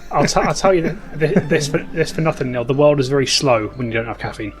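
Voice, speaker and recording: A man's voice: a little high, fast, over music. A British man, the game master, chatting casually before a tabletop game and often repeating words as he thinks.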